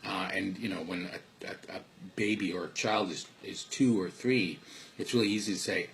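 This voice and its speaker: A man's voice: low voice, moderate pace, creaky, slight background noise. A man at home giving earnest parenting and life advice in a casual, rambling way, full of restarts. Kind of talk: casual spoken monologue. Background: dogs and household sounds faintly.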